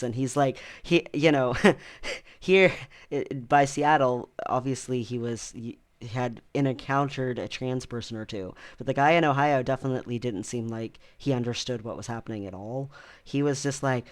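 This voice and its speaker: A man's voice: mid-range voice, moderate pace. A man talking casually in a personal vlog, rambling with many ums and frequent laughs. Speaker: vlogger.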